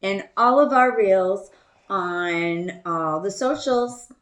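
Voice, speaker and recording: A woman's voice: mid-range voice, slow pace, a bit bright, roomy sound. A woman hosting a podcast, telling a casual story in a chatty, self-deprecating way, laughing often and trailing off with ums. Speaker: podcast host.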